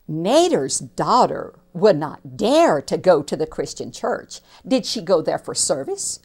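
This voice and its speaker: A woman telling a missionary story to children, expressive and slow, with preachy asides to her listeners. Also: on the low side, slightly rough.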